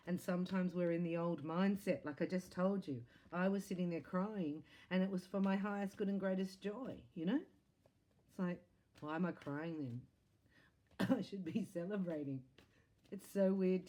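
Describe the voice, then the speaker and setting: A woman giving an earnest, encouraging tarot reading to camera, with an animated, sing-song delivery that swings widely in pitch and loudness. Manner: earnest, encouraging spiritual talk. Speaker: psychic tarot reader.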